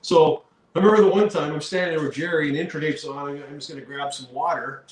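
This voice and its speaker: A middle-aged man from Canada, a rock musician telling animated road stories in a casual interview, with lots of fillers. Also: on the high side, fast, far from the mic. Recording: roomy echo with faint background hum.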